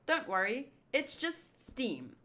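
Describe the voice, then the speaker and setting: A woman reading a manga aloud, voicing a clever young woman navigator who explains things calmly. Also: sits high, takes it slowly, full character voice. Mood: explaining. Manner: calm and explanatory.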